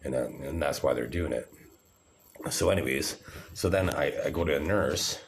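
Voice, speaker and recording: Man in his forties, extremely low voice, agitated and rambling, swears a lot. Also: normal speed. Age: 40s. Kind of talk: rambling monologue to camera.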